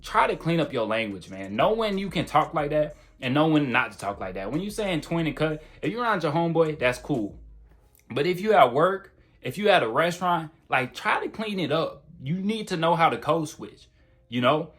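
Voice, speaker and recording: A man's voice: a little high, sing-song, normal speed, a bit bright. A man giving casual, blunt self-improvement advice straight to the camera, in a slangy, conversational way. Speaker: self-improvement video creator.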